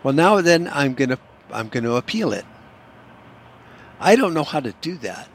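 A man's voice: a little high, big pitch swings, normal speed. Male podcast host, swearing, sarcastic rant, faint hum behind him. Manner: profane, sarcastic, ranting.

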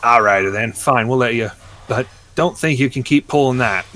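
Man playing a blunt, gruff dwarf. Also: medium pitch, moderate pace, a bit bright, close to an everyday voice. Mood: grudging.

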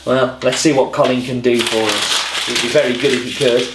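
A man's voice: medium pitch, fairly even intonation, fairly quick, few pauses, heavy background noise. A man hosting a coffee vlog in casual chat to camera, rambling and self-deprecating. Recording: roomy echo.

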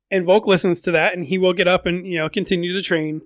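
A man's voice: high-pitched, fairly even intonation, a little fast, hardly any pauses, no room sound. A man casually recapping a fantasy book on his podcast, chatty, often repeating words and adding fillers.

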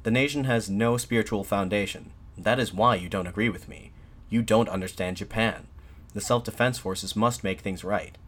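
Voicing a defiant nationalist on a balcony, a man pleads with the soldiers below in fervent shouts. He speaks at a normal speed with a fairly low-pitched voice, full of passion.

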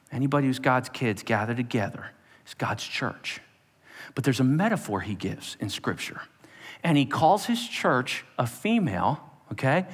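A man's voice: mid-range voice, a bit bright. A man preaching a sermon, emphatic and speaking straight to the congregation. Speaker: pastor. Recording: long hall reverb.

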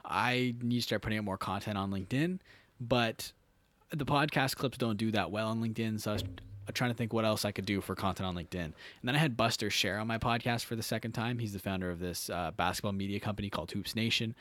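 A man's voice: fairly low pitch, fast talker, a bit bright, no room sound. A man talking as a podcast guest in casual conversation, rambling and correcting himself as he goes. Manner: rambling, self-correcting, upbeat.

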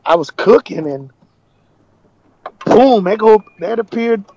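Guesting on a podcast, the Nashville man who once competed on a cooking show animatedly shares his story in casual conversation, acting out quoted dialogue. His voice is high-pitched, animated, gravelly, and slow, in a lo-fi recording with background noise.

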